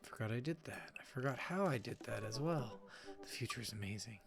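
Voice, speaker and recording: A man's voice: medium pitch, expressive, fairly quick, creaky. A man giving joking, casual let's-play commentary with some swearing, over game music. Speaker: gaming channel host.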